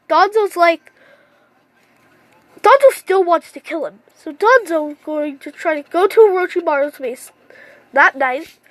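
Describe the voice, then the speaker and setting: A woman's voice: very high voice, dry recording. A woman casually retelling a fan-made story, rambling and repeating herself, with lots of "like". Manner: rambling, repetitive, says "like" often.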